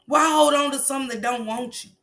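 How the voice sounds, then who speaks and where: Hosting a laid-back livestream of viral-clip commentary, a woman talks quickly in a high, somewhat bright voice. She's blunt about the clip, delivers a lesson, and doesn't hold back on swearing.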